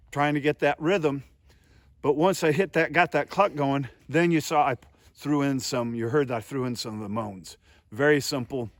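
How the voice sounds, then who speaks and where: A man's voice: medium pitch, no echo. A man teaching a hands-on goose calling lesson outdoors, folksy and emphatic, calling his viewers "guys".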